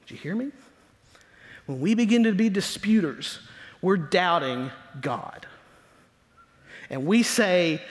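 A man preaching a sermon as pastor, leaning hard on key words and slowing down to stress them, sometimes dropping into a low mutter to mimic complainers. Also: expressive. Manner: emphatic preaching with slow drawn-out stresses. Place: church sanctuary. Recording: long church hall reverb.

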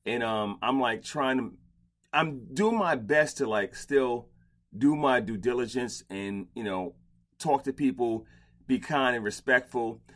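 A man's voice: medium pitch, unhurried. Blunt, swearing middle-aged man hosting. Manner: blunt, profane and animated. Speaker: podcast host. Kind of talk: casual interview chat. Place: home closet padded with blankets.

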